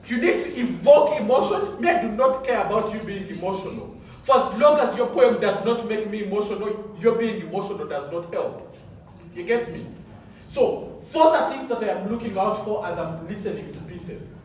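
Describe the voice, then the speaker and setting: A man's voice: high voice, lively intonation, normal speed, far from the mic, slight background noise. Emphatic man coaching in an echoey hall. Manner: emphatic, repeats points with rhetorical questions. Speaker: poetry competition judge and trainer. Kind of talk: coaching talk to contestants.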